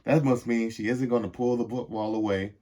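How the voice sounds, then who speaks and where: A man's voice: medium pitch, fairly even intonation, brisk, warm tone, natural voice. A man voicing a hopeful, long-suffering cartoon boy in a storybook reading, sounding eager and sometimes indignant. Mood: earnest.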